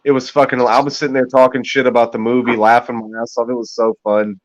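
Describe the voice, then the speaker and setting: A man's voice: mid-range voice, flat delivery, fast talker, muffled recording. A man chatting on a livestream, telling crude stories in a rambling, casual way. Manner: rambling, crude, drops into quoted voices. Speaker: livestream co-host.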